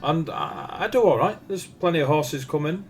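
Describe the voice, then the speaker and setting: A man's voice: a little high, lively intonation, normal speed, soft background music, pitched above the performer's own voice. A man voicing an awkward, eager village blacksmith who stammers and speaks over-formally, with faint background noise. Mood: earnest. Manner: stammering, flustered, overly formal.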